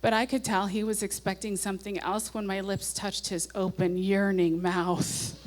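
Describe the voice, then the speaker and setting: A woman's voice: mid-range voice, flat delivery, moderate pace, a little hiss or hum. A woman in her forties stands at a stage mic and reads from her teenage diary with comic timing. She breaks off for dry, knowing asides, then throws herself back into the breathless entries. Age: 40s. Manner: wry asides, reads diary passages with mounting gusto. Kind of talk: live comic diary reading. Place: stage at a nightclub before an audience.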